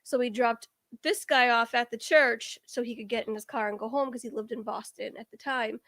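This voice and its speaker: A woman's voice: fairly high pitch, steady tone, normal speed, a bit bright, no room sound, studio quality. A woman guest on a casual game-show chat, telling a long, winding story. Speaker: guest contestant.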